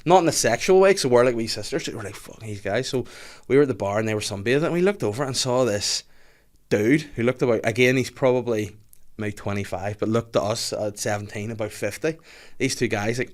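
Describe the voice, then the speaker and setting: A man telling a story on a podcast in casual chat, animated and laughing often while he acts out other people's voices. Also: medium pitch, fairly quick.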